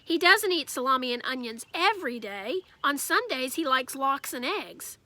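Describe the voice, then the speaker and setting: A woman's voice: high voice, sing-song, normal speed, pushed and bright, no echo, full character voice. A woman voicing a chatty, joking schoolboy.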